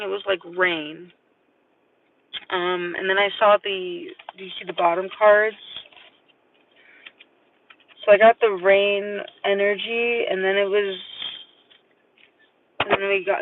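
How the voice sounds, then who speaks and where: A man's voice: high-pitched, a little hiss or hum. A man giving a live-stream tarot reading, rambling and hesitant with many fillers. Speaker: tarot reader. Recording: distant, tinny phone-like sound.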